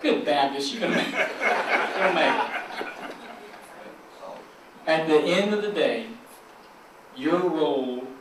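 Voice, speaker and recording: A chamber of commerce president with a medium-pitched voice and a Southern US accent gives a folksy, joking keynote to local officials, drawing them into call and response. He's recorded from far off in an echoey conference hall, with slight background noise.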